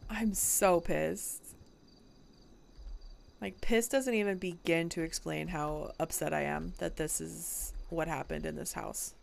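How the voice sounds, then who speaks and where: A woman's voice: deep voice, normal speed, vocal fry, hardly any pauses, slight background noise. A woman streamer talking in character during a game roleplay, frustrated and rambling, swearing often and full of fillers.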